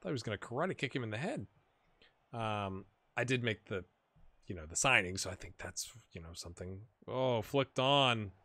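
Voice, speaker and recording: A man giving casual, rambling commentary over a football management game, with sudden excited outbursts and a slightly rough throat. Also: lowish voice, normal speed, no room sound. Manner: rambling, excitable bursts over match play. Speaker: gaming commentator. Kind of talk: casual let's-play commentary.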